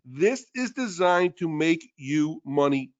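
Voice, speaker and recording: A man co-hosting a live webinar, making a sales pitch with emphatic, repetitive persuasion. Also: very animated, takes it slowly, highs cut off. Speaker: webinar co-host.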